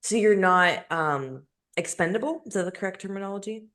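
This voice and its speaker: A woman's voice: medium pitch, lively intonation, fairly quick, a bit bright. A young woman co-hosting a podcast in casual chat, rambling with lots of fillers and restarts. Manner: chatty, many fillers and restarts, laughs easily. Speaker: podcast co-host.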